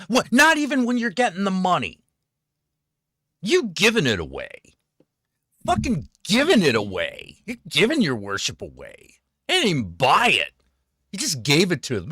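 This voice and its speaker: A fired-up man rants on his stream, swearing often and dripping with sarcasm. His voice sits a little high and leaps up and down in pitch. The sound is close and dry, with no room around it. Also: pushed and bright, no echo. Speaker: streamer host. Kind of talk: profane political rant.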